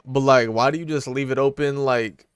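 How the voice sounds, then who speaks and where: A man's voice: medium pitch, steady tone, normal speed, clear, resonant tone, dry recording, studio quality. A young man casually reacting to a video, blunt and profane, often laughing.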